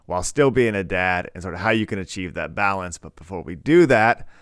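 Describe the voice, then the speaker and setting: Low, smooth-voiced man co-hosting a podcast. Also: animated, fairly quick, a bit bright, dry recording, clean studio sound. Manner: conversational, rambling with fillers. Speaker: podcast co-host. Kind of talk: casual chat.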